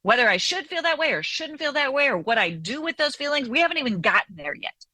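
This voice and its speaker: A woman's voice: high-pitched, sing-song, fast, bright, forceful tone, dry recording. A woman therapist and author being interviewed on the radio, explaining animatedly and often checking in with "right?".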